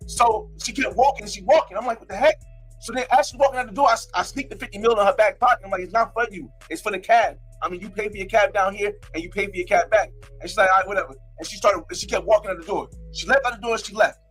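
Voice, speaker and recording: A brash young man from North New Jersey tells a story at a quick clip, his voice sitting fairly high and a little husky. He repeats himself and acts out his own lines as a live streamer. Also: a bit bright, faint music behind. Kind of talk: casual storytime.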